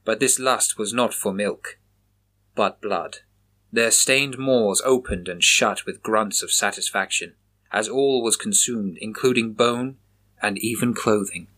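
A man reading a horror story aloud in a measured, grave manner. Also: on the low side, bright, forceful tone. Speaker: narrator.

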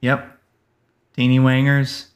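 A man co-hosting a casual movie-review podcast, speaking in a dry, matter-of-fact way with many pauses. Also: medium pitch, monotone. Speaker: podcast co-host.

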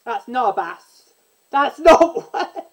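A woman's voice: sits high, very animated, slow, rough recording. A woman hosting a casual chat show, rambling and restarting her sentences as she talks through a musical she loves. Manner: rambling, self-interrupting, breaks into sung snippets. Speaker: podcast host.

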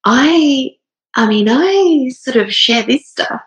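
A woman's voice: high voice, animated, slow pace, low-quality recording. A woman in her thirties telling a personal story in a casual, earnest, rambling way with many fillers, emotional and near tears. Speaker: speaker sharing a personal story. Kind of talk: casual heartfelt monologue.

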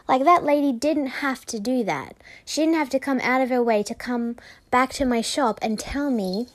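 A woman's voice: sits high, moderate pace. A woman hosting a casual solo podcast, telling a story in a chatty, enthusiastic way. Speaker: podcast host.

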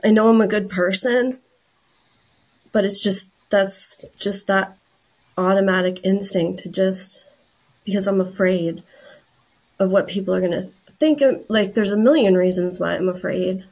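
Halting, emotional woman on a podcast. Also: mid-range voice, darkish tone. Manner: halting, emotional, restarts often. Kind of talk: casual podcast chat.

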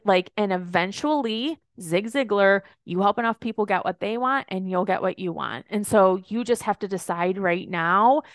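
A woman in her thirties hosting her own podcast, speaking in a smooth, resonant voice at an ordinary pitch. She rambles in a friendly, chatty way, full of "like"s and asides. The recording is dry and close, with no room sound. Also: fairly bright tone, no echo. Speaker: podcast host and business coach. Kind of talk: solo podcast talk.

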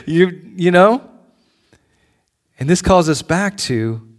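In a church, a middle-aged pastor with a mid-range voice delivers a conversational sermon. He swings between loud pleas and soft asides.

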